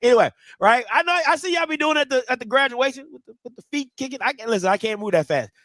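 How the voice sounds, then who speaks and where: High-pitched excitable Baltimore sports host. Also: male voice, no echo. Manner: animated, rapid, emphatic, shouting bursts. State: out of breath. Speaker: sports talk show host. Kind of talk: excited sports commentary with call-ins.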